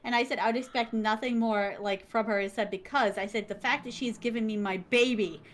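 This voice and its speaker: A woman guest telling a heartfelt, excitable story, acting out the people she quotes and laughing often. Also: a little high, brisk, slight background noise. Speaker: interview guest, manga creator. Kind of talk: animated storytelling.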